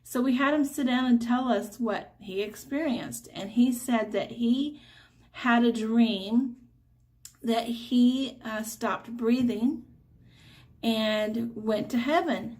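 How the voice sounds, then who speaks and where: Fields: Sex: woman. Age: middle-aged. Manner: earnest, halting. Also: a little high, darkish tone. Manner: earnest, halting storytelling with many fillers. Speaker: mother sharing a testimony. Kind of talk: personal religious testimony.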